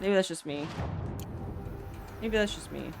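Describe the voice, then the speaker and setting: A woman's voice: on the low side, a little slow, vocal fry. Giggly woman streamer chatting over music. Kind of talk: casual gameplay chat.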